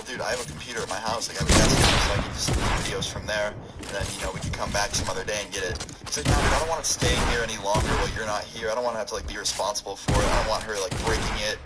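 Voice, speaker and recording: A man's voice: on the low side, racing, few pauses, over loud music, poor audio. A young man casually telling a personal story for his video channel, rambling and swearing, with lots of "like" fillers. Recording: loud background noise.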